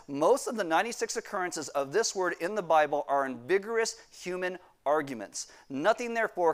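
A male pastor preaches a sermon in a slightly high voice, reading from scripture and acting out quoted prayers with sudden surges of emphasis.

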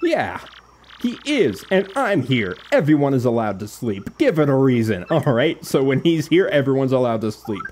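A man's voice: medium pitch, sing-song, moderate pace, darkish tone. A man casually commenting while streaming a video game. He is laid-back, swears, and laughs at the game.

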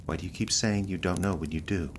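An actor playing a persistent male questioner in a radio play, pressing and probing in a measured way. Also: low voice, steady tone, slight background noise, close to an everyday voice. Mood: insistent.

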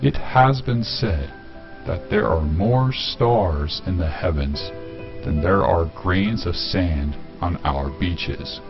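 A man narrating like a documentary in slow, deliberate, carefully accentuated words, his voice pitched down and given a delay effect. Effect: pitched down with multi-tap delay and bass boost. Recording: dull lo-fi voice over loud music.

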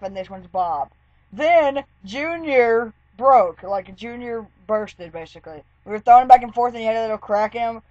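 A woman's voice: on the high side, warm tone, no room sound, muffled recording. A woman vlogger telling a story in a casual, rambling way, with lots of "like". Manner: chatty, rambling, full of "like" fillers.

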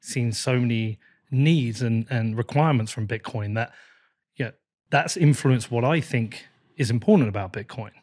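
A man's voice: mid-range voice, normal speed, darkish tone, no echo. Man hosting a casual interview, dry sound. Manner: casual, rambling questions. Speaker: podcast host. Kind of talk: conversational interview.

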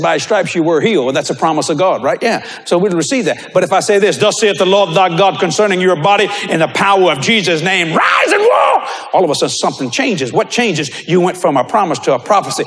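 A man preaching a sermon, telling stories with animated delivery and bursts of shouting. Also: a little high. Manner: animated storytelling, breaks into shouts.

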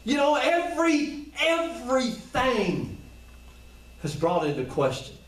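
This man's voice is very high-pitched, slow, and swings hugely in pitch as he gives a relaxed, everyday-language sermon full of questions for the congregation. He is recorded far off the mic in a room with lots of echo.

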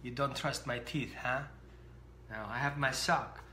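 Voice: medium pitch, steady tone, unhurried, pushed and bright, reverberant, slight background noise, pitched below the performer's own voice. A trainer playing an indignant puppy guarding its sock. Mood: taunting. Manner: indignant and cheeky.

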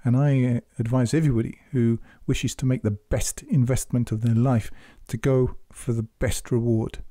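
A man giving measured, earnest spoken commentary on scripture, exhorting his listeners. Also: medium pitch, fairly even intonation, warm tone, dry recording, clean studio sound. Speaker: Quran commentator.

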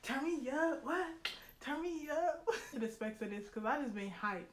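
A young woman vlogger chatting excitedly to her viewers, slangy, and quick to laugh. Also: on the high side. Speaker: beauty vlogger. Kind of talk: casual unboxing chat to viewers. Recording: roomy echo, faint noise.

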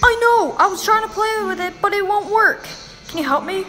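A female voice playing a bratty, short-tempered young boy in a fan-made cartoon, whiny and quick to shout. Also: very high-pitched, faint music behind.

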